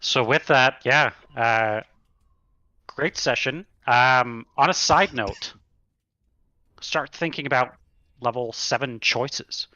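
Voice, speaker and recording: A man runs a tabletop horror game as game master, narrating slowly with dramatic pauses. His voice is bright and clear, close and dry, on a slightly muffled lo-fi recording. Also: mid-range voice, dry recording.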